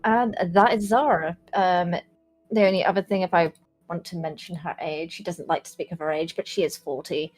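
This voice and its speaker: A woman's voice: on the low side, steady tone, darkish tone. A chatty, playful woman taking part in a tabletop game as a player, stretching her words out as she talks. Faint music plays behind her voice. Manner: chatty and playful, drawn-out phrasing. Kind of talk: casual chat introducing a character.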